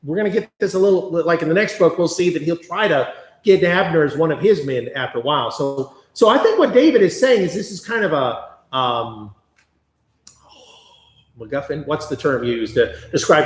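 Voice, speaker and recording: A man leading a conversational Bible study, chatty and animated, often acting out quotes. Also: high voice, fairly quick. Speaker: Bible class teacher. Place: church classroom. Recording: echoey room.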